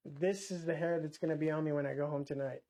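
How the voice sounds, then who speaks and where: A man's voice: on the high side, fairly even intonation, fast, dark tone. A man co-hosting a casual movie chat on a live stream, crude, blunt and joking. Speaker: co-host. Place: storage shed.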